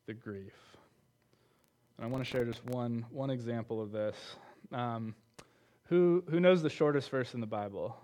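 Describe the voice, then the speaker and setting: A man's voice: medium pitch, darkish tone. A man preaching a conversational sermon, often repeating words and putting questions to his listeners. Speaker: preacher on a church teaching team.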